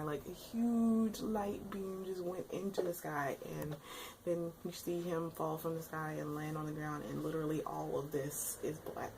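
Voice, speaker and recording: A woman's voice: sits low, background noise. A young woman recapping an episode in a casual vlog, rambling and emotional, with frequent exclamations. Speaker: anime reviewer.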